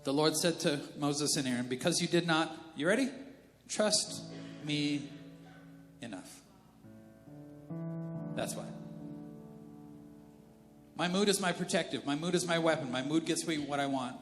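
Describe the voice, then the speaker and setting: A male pastor preaching a sermon in a casual, animated, conversational way. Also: fairly high pitch, moderate pace, long pauses. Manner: conversational and animated, slips into character voices. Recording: reverberant church hall with faint music.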